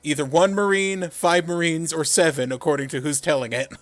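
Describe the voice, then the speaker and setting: A man's voice: a little high, fairly even intonation, brisk, dry recording. Laughing, swearing man with a dry close mic. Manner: rambling and profane, laughs often, heavy use of "like". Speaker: podcast co-host reviewing wrestling. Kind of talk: casual chat.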